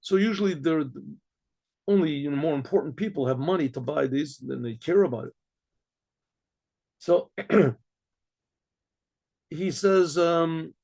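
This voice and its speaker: A middle-aged man narrates a story in a gravelly, slightly high voice. He often clears his throat and stumbles over repeated words as he goes. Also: measured pace, long pauses, darkish tone. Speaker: storyteller rabbi.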